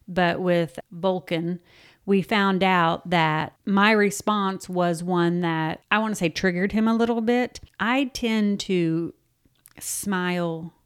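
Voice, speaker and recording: A middle-aged woman with a voice of ordinary pitch who chats freely and giggles often. She tells her stories openly in a relaxed conversation. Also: clean tone. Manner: chatty and giggly, laughs often. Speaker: podcast co-host. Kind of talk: casual chat.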